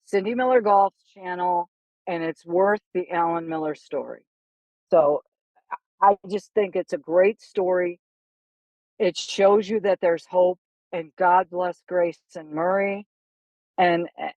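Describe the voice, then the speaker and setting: A middle-aged woman, a golf instructor, telling stories animatedly in a casual podcast chat, with quick asides and restarts. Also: lowish voice, darkish tone, no echo, muffled recording.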